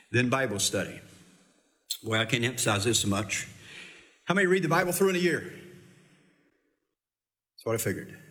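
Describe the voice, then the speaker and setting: Middle-aged pastor guy preaching, folksy and teasing, kinda high voice. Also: very animated, normal speed, long pauses, pushed and bright. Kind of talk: sermon.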